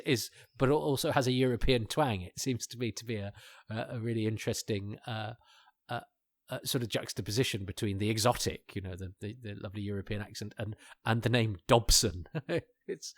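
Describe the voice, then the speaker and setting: A man's voice: medium pitch, no room sound. A man talks through an old episode in a casual commentary, rambling with many restarts and fillers and chuckling asides. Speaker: podcast host.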